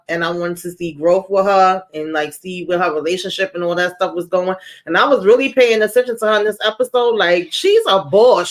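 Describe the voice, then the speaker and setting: A livestream host with a medium-pitched, slightly bright voice chats in an easygoing, casual way about a TV episode. They talk freely and slip into acting out quotes, laughing as they go.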